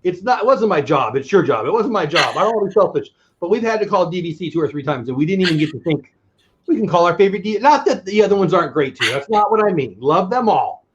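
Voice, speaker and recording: A man's voice: high-pitched, big pitch swings, quick pace, a little hiss or hum. Chatty joking man, lo-fi sound. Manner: chatty, joking, self-deprecating. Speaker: livestream host. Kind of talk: casual livestream chat.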